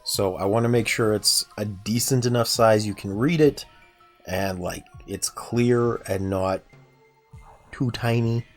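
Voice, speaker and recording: A young man streams a game playthrough, chatting casually and asking his viewers for feedback. His voice is on the low side and a little slow, with faint game music in the background.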